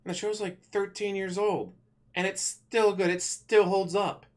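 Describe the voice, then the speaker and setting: A man vlogging in a casual, complaining rant, animated and swearing freely. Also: high voice, a little slow. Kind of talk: casual ranting commentary.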